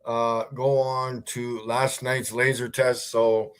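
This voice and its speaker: A man's voice: mid-range voice, flat delivery, slow pace, smooth. A man hosting a livestream, talking casually in a sarcastic, rambling way with many fillers. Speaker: livestream host.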